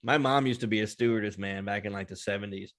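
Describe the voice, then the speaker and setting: A man's voice: fairly low pitch, fast, fairly bright tone. A man in his thirties co-hosting a casual podcast, laid-back, laughing often and swearing freely. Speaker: podcast co-host. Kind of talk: casual banter.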